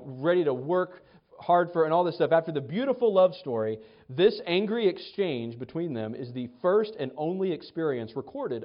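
A man preaching a sermon in a conversational way, often restarting and acting out quotes. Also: a little high. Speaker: pastor. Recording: dull lo-fi sound.

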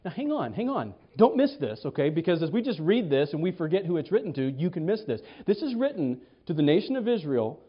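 A man preaches a sermon in a slightly high voice, full of energy, stumbling over his words and repeating them. He acts out each quote as he reads it. The sound is dull and lo-fi. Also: big pitch swings, brisk, few pauses, slightly rough.

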